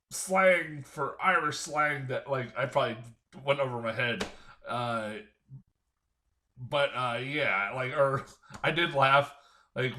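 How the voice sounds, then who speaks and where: A man's voice: mid-range voice, pushed and bright. A man giving a rambling, profane, casual film review, full of fillers and chuckles. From United States.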